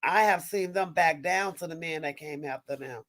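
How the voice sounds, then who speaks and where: A woman with a low-pitched, slightly bright voice hosts a live stream, reading viewer chat and ranting with passion at a normal speed. She's an adult mother of young kids, emphatic and repetitive, stopping and restarting mid-sentence. The recording quality is low.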